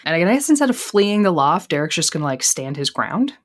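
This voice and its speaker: Low-voiced, lively American woman podcaster. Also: fairly quick. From United States. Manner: animated, sarcastic asides, jumps between topics. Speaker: podcast co-host. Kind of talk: casual chat recapping a TV episode.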